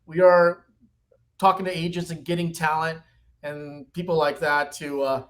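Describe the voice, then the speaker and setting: A man in his fifties, a company executive, talking animatedly as a podcast guest. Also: normal speed. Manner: animated storyteller, pitchy. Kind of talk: podcast interview.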